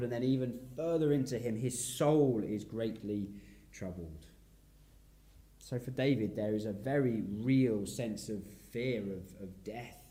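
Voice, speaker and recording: A man preaching an expository sermon in a reflective way, his voice sinking softly at the ends of phrases. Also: mid-range voice. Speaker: pastor.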